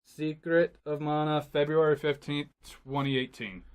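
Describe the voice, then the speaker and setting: A man co-hosting a casual gaming podcast, laughing easily and talking in halting, filler-heavy phrases. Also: fairly high pitch, level tone, clear, resonant tone. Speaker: podcast co-host.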